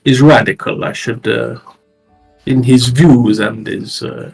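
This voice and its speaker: A man role-playing his character in a tabletop game, speaking haltingly with many pauses. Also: medium pitch, gravelly, slightly rough, faint music behind, poor audio. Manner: halting, measured, many fillers. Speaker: player.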